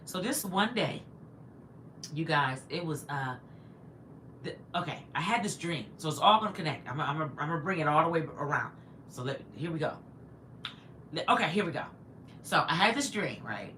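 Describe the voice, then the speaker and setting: Woman in her 50s rambling through a story on her live, lowish bright voice, faint hiss behind. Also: animated, normal speed, long pauses. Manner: chatty, digressive, reads viewer comments aloud. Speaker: livestream host. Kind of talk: casual livestream storytelling.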